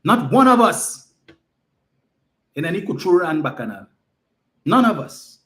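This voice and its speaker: A man's voice: high voice, big pitch swings, unhurried, a bit bright. A man giving an emphatic, mocking political campaign speech full of rhetorical questions.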